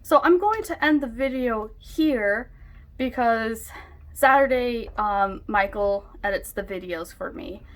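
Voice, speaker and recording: Woman book vlogger, chatty and excitable, rambles with lots of "like", voice sits a bit high. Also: slow pace. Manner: rambling, excitable, heavy use of "like". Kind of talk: casual vlog chat. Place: home.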